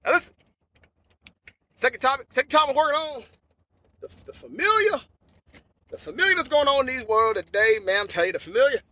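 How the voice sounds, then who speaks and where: Very high-voiced rambling comic man. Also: lively intonation, fairly quick, pauses often, pushed and bright. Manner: rambling, repetitive slangy storytelling. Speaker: podcast host. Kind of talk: unedited comedic monologue.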